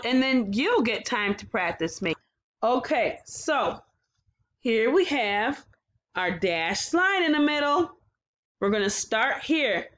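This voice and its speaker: Woman, kindergarten teacher, phonics lesson, fairly high voice, slow and patient, encouraging. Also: a bit bright. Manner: slow, encouraging, sounds out letters. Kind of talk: phonics lesson for young children.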